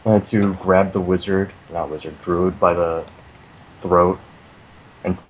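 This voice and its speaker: Very deep-voiced man playing a tabletop game. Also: fairly even intonation, slow, a little hiss or hum, poor audio. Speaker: player. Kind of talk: casual tabletop game play.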